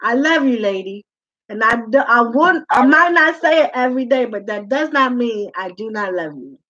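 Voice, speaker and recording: A woman's voice: fairly high pitch, lively intonation, normal speed, bright, forceful tone, no room sound. A woman life coach speaking to her group in a live talk, emphatic and repeating her phrases for weight. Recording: dull lo-fi sound.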